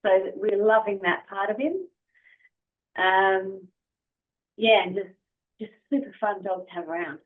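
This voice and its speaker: A woman's voice: medium pitch, a little slow, long pauses. A woman with an Australian accent, a podcast guest talking about her dog in a friendly, enthusiastic way. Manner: friendly, enthusiastic, soft-spoken. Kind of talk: casual interview chat. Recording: phone-like remote call audio.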